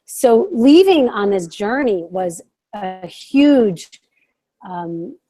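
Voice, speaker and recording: An American woman, a counselor by trade, talks as a podcast guest in an eager, reflective manner. Her voice sits at a medium pitch with a mellow, darker tone. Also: animated, extremely slow. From United States. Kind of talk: casual podcast conversation.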